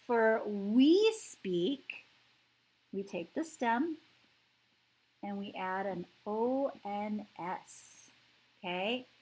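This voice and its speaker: A woman's voice: medium pitch, animated, drawn-out words, long pauses, a little mellow, poor audio. A woman teaching a language lesson, explaining step by step with patience and repeating words so learners can say them along. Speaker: French teacher.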